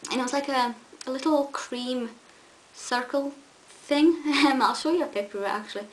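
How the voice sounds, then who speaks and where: A woman's voice: sits high, normal speed, poor audio. A young woman, chatting eagerly to camera in a vlog, with many ums and restarts. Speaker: vlogger. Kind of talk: casual chat to camera. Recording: faint hiss.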